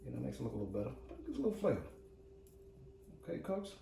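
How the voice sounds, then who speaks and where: A middle-aged man talks his viewers through a recipe in a relaxed, joking way, calling them "cooks". His voice is mellow and unhurried in pitch, sitting at an ordinary level. The kitchen around him rings back a little, with a faint room hum underneath. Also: vocal fry, reverberant, distant mic, low-quality recording. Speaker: home cooking host. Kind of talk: casual cooking vlog. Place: home kitchen.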